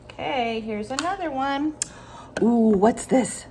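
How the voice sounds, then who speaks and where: A woman teaching a phonics lesson to young children, slow and sing-song, giving encouraging prompts and pausing for answers. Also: high voice, animated, a little hiss or hum.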